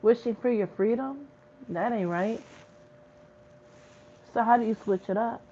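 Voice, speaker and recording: A woman's voice: a little high, measured pace, dark tone, muffled recording, slight background noise. A woman giving a spiritual message in a vlog, talking bluntly with plenty of swearing and street slang. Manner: blunt, profane, slangy preaching. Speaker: spiritual reader.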